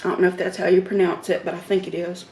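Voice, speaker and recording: A middle-aged woman chatting casually on an eating-show vlog, talking slowly between bites and murmuring softly as she eats. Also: lowish voice. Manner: slow, relaxed talk between bites with soft murmurs of approval. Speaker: mukbang vlogger. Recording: echoey room with faint background noise.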